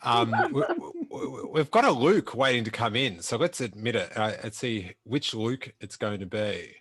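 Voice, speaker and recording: A man's voice: mid-range voice, expressive, normal speed, fairly bright tone, slightly rough, no room sound. A man hosting a casual video call chat, laid-back with dry teasing. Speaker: podcast host.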